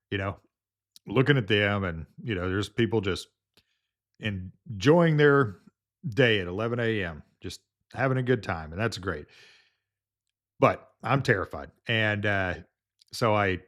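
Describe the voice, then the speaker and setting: A man working as a home health nurse, casually telling a story in a rambling way, full of fillers and restarts. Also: on the low side.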